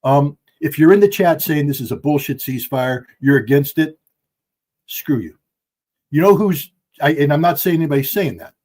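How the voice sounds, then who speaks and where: A man's voice: a little high, lively intonation, normal speed, a little mellow. A middle-aged man delivers heated commentary on a podcast, speaking bluntly and with plenty of force. He is talking from his home, and his tone stays impassioned and emphatic throughout. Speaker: guest commentator. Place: at home with dogs.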